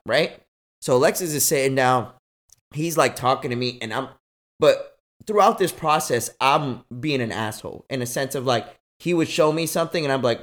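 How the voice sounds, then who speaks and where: A young man hosting a podcast, telling a story in casual chat, slangy and animated, swearing freely. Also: medium pitch, moderate pace. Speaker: podcast host.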